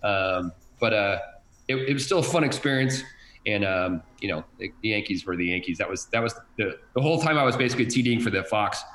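A man's voice: lowish voice, lively intonation, fairly quick, a bit bright, reverberant, a little hiss or hum, rough recording. A man telling stories from his career in sports television, rambling with many repeated words and fillers. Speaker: guest, sports TV director. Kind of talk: casual chat.

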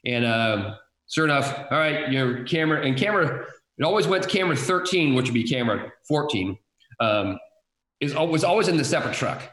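A man's voice: mid-range voice, lively intonation, fairly quick, a bit bright, reverberant, low-quality recording. A man telling stories from his career in sports television, rambling with many repeated words and fillers. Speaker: guest, sports TV director. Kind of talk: casual chat.

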